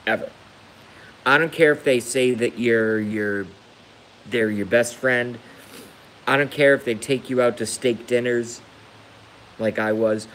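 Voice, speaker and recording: A man on a live stream delivers a heated personal rant in a voice of ordinary pitch. He keeps circling back, repeating phrases for emphasis, with a light hiss in the background. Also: unhurried, long pauses, a bit bright, rough recording. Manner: emphatic and repetitive, hammering points home. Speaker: livestreamer.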